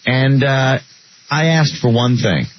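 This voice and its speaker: A man's voice: medium pitch, takes it slowly, a little hiss or hum. A man hosting a radio show, blunt and mocking toward a caller. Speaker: radio host. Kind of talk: radio banter. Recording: dull lo-fi broadcast audio.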